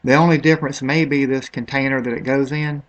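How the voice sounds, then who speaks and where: A man's voice: medium pitch, fairly even intonation, fairly quick, highs cut off. A man talking casually and a little ramblingly over a product comparison, unsure of some words as he goes. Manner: offhand, rambling, unsure of pronunciations. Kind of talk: casual screen-recorded commentary.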